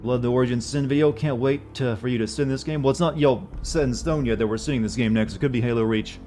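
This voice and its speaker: A man's voice: mid-range voice, fast talker, dark tone, soft background music. A man streaming a video game, chatting casually, answering chat messages in a rambling, profane way.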